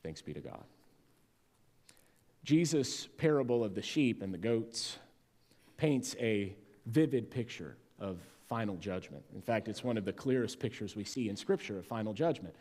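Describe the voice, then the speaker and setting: A man's voice: fairly low pitch, moderate pace, darkish tone. A man preaching a sermon as pastor, delivering it with emphasis and drawing out key words. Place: church sanctuary. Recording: long church reverb.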